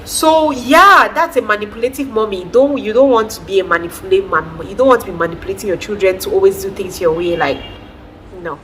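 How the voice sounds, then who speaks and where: A woman, talking casually to her viewers in an animated, preachy way and often laughing. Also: medium pitch, brisk, slight background noise. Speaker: vlogger, mother. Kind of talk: casual talk to camera.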